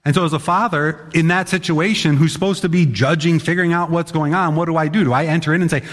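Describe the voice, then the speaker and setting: A man's voice: on the high side, fairly even intonation, fast talker, hardly any pauses. A male pastor preaching a sermon in a conversational, emphatic way, sometimes acting out the voices of others. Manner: emphatic, conversational, acts out quotes. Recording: long hall reverb.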